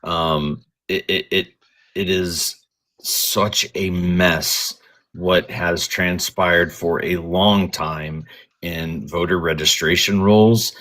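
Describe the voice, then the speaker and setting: Very deep-voiced halting man. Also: steady tone, a bit bright. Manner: halting, many ums and restarts. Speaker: panelist on a live show. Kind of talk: casual political chat.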